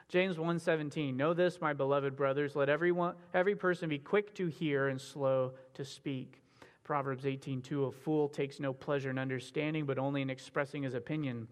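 A man's voice: medium pitch, clean tone, big-room sound. A man giving an earnest, conversational teaching on biblical counseling, reading scripture aloud with frequent fillers. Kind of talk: sermon-style teaching with read scripture.

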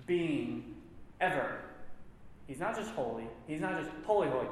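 A man's voice: fairly high pitch, expressive, moderate pace. Emphatic male Bible teacher in an echoey hall. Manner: emphatic, repeats words for stress. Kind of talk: church class teaching. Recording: echoey room with long reverb.

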